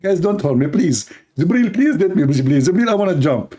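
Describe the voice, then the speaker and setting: Brief: man putting on a high, whining, begging male voice, Arabic accent, theatrical. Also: very animated, brisk, dark tone. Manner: whiny, begging. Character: pleading male figure desperate to jump.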